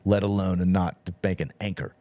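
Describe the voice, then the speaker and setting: A man's voice: low-pitched, steady tone, a little fast, dark tone, no echo. A man hosting a podcast in casual chat, telling stories with lots of swearing and acting out both sides of each exchange. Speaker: podcast host.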